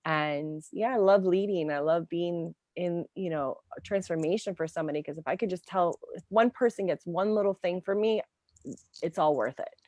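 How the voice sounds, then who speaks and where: Lively woman career coach on a dry call. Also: lowish voice, normal speed, few pauses, dry recording. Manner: animated storyteller, many fillers like "like" and "um". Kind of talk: casual interview chat.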